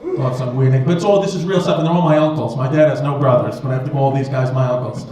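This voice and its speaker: A man's voice: medium pitch, racing. A man doing stand-up comedy in a club, rambling and swearing as he banters with the crowd. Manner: profane, rambling, self-mocking banter with the audience. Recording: echoey club with audience noise.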